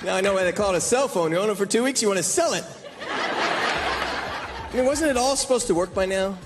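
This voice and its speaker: A man performing a stand-up routine on stage, animated and playful, acting out exaggerated quotes. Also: high voice, fairly quick, very noisy. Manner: animated, rhyming bits, acts out exaggerated quotes. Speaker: stand-up comedian. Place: club stage before a packed live audience. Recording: live club recording with loud crowd laughter.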